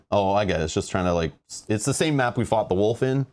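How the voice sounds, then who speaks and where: A man's voice: fairly low pitch, expressive, fairly quick, a little mellow. A man hosting a board game playthrough, reading rules aloud and rambling with exasperation about them. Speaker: host playing a board game.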